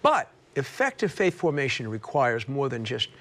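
A man's voice: medium pitch, big pitch swings, moderate pace, a bit bright, a little hiss or hum. A man in his sixties, co-hosting a religious TV talk show, friendly and chatty. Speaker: TV co-host, priest.

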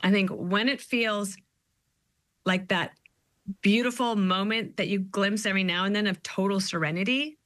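A middle-aged woman, a guest author, talking in an animated, storytelling way. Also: mid-range voice, no echo. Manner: animated storyteller, quick asides. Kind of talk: conversational interview.

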